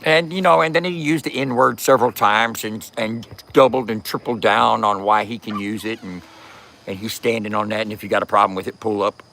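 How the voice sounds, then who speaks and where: A man's voice: fairly low pitch, steady tone, brisk, creaky, sharp tone. A man giving a casual, profane rant as a commentator, cursing and laughing often.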